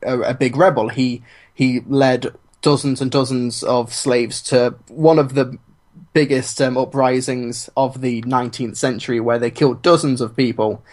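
A man's voice: medium pitch, fairly even intonation, normal speed, a little mellow. A man co-hosting a podcast, talking casually with many ums and a dry sense of humor. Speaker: podcast co-host. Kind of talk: casual chat.

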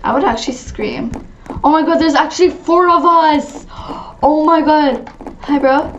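Giggly high-voiced woman gaming. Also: unhurried, lo-fi sound, a little hiss or hum. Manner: giggly, chatty, excitable, with squealed greetings. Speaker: gaming channel host. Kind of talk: casual gameplay commentary.

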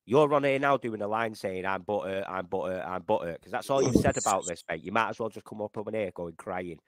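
A man's voice: fairly low pitch, quick pace, no echo, clean studio sound. A man firmly lecturing a friend on a livestream, preachy and sweary.

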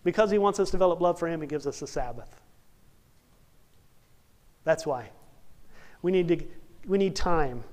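A young man preaching a sermon, telling a humorous story and acting out the characters in animated bursts. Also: fairly high pitch, moderate pace, long pauses. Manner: animated, jokey, acts out characters.

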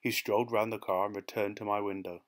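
A man with a fairly low voice reads a short story aloud as audiobook narration. His scripted delivery is measured and even.

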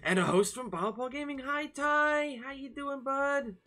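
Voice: sits high, measured pace, bright, forceful tone. A variety game streamer chatting live, bubbly and playful, greeting viewers by name.

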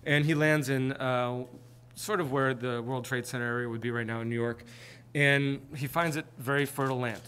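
A man's voice: mid-range voice, fairly even intonation, moderate pace, pushed and bright, smooth. A man presenting a seminar, telling history in an informal, conversational way. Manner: conversational storytelling. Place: presentation with slides.

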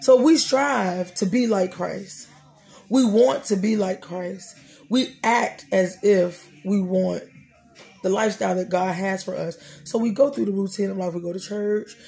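A middle-aged woman speaks in a warm, mellow tone. She prays and talks about faith in a repeating, preacherly rhythm. Soft music plays quietly underneath. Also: mid-range voice, a little slow, creaky. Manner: preacherly, repetitive cadence. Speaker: podcast host. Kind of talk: prayer and faith talk.

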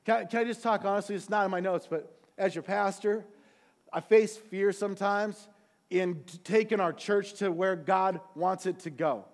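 A man preaching a sermon as pastor, passionate, swinging from quiet, quick asides to loud, drawn-out peaks. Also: high-pitched. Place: church sanctuary.

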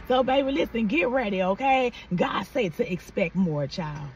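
A woman giving a fervent prophetic encouragement message, repeating phrases and calling listeners "baby" and "y'all", swinging from low confiding tones to loud high exclamations. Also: animated, normal speed, few pauses. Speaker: online devotional minister. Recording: muffled and slightly distant with faint background noise.

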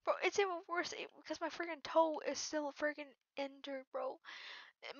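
A woman talks over her gameplay in a bright, sharp voice pitched a little high, jittery and full of slang. She drops to mumbles and then bursts into yells. The recording is dull and dry. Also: moderate pace, no echo. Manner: jittery, swings from mumbling to sudden yelling; slangy, keeps saying "bro" and "freaking". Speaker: gaming channel host. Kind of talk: casual gameplay commentary.

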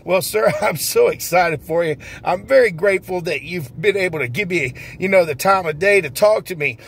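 A man's voice: high voice, normal speed, gravelly, few pauses, husky, rough recording. A man hosting a comedic mock interview, laughing often in a folksy, plain-spoken way. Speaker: comedy host posing as an interviewer.

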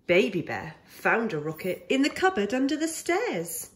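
A woman reading a children's picture book aloud for a pre-school, with expressive storytelling. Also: fairly high pitch, normal speed, hardly any pauses.

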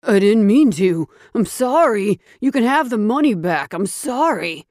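A woman's voice: fairly low pitch, expressive, moderate pace, dry recording, studio quality. A woman voicing a frightened young male thief who stammers out frantic apologies. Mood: terrified.

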